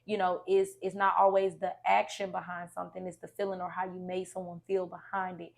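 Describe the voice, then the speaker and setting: A woman's voice: fairly low pitch, completely flat delivery, a little fast, gravelly. A woman counselor giving casual, encouraging advice on a podcast. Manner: encouraging, conversational. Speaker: licensed counselor guest.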